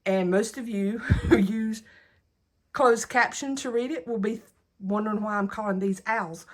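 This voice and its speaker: A woman's voice: medium pitch, fairly even intonation, a little slow. A woman with a Southern US accent narrating a casual home decor tour in a chatty, folksy way, filming her living room while staying off camera. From Southern United States. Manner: chatty, folksy, laughs easily. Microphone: camera held while filming, speaker off-screen.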